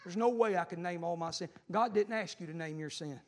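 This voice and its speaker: A middle-aged man preaching a fervent sermon that builds to shouting, in a church sanctuary. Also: high-pitched, fairly quick. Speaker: pastor. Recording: long hall reverb.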